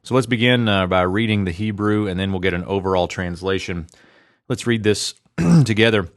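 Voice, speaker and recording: Man, deep-ish voice, methodical lesson explaining, dry recording. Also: moderate pace, no room sound. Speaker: Biblical Hebrew teacher.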